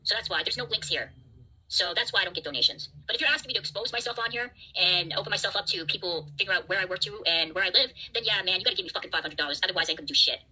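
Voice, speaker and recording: A woman's voice: on the low side, animated, very fast, bright, forceful tone, husky, low-quality recording. A woman hosting a livestream, ranting at her chat in an angry, profane, defiant way. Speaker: livestream host.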